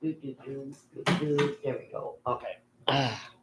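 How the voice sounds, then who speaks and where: A woman's voice: extremely low pitch, fairly even intonation, a little slow, very noisy. An older woman hosting a casual livestream from home, rambling and reading viewers' comments aloud with casual swearing. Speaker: livestream host.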